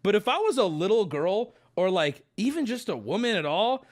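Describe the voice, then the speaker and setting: Animated swearing male streamer. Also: sits high, moderate pace. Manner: exaggerated, swearing, laughs through his story. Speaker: livestreamer. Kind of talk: animated storytelling to a live chat.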